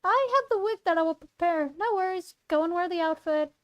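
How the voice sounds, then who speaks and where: A woman voicing a bubbly, excitable teen girl who talks in an eager, chirpy way. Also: very high-pitched, brisk, dull audio. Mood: cheerful.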